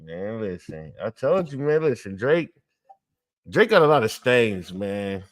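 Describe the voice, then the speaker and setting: A man's voice: on the low side, sing-song, measured pace, no room sound, studio quality. A man co-hosting a podcast in casual chat, teasing and telling stories. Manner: teasing, storytelling delivery. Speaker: podcast co-host.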